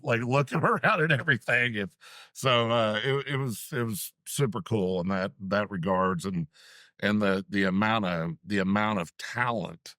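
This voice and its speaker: A man with a very low voice co-hosts a relaxed talk show. He chats easily and fills in details while the guest talks. The sound is dry and close. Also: normal speed, no room sound. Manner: relaxed, chatty, adds comments to the guest's story. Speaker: co-host. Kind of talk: casual chat.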